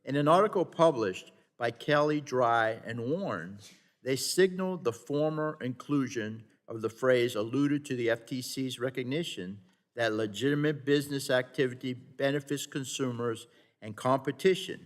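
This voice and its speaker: A man speaking as a member of a committee markup, delivering a formal floor statement with earnest, insistent repetition and occasional stumbles. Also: mid-range voice. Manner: earnest, insistent, with repeated phrases and some stumbles. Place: large committee hearing room. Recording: long reverb from a hearing room.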